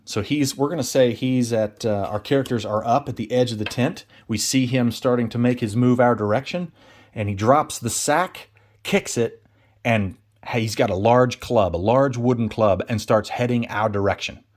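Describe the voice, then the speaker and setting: A man's voice: medium pitch, moderate pace. A man narrating a solo tabletop game, chatting and thinking aloud as he rolls dice and laughs at bad results.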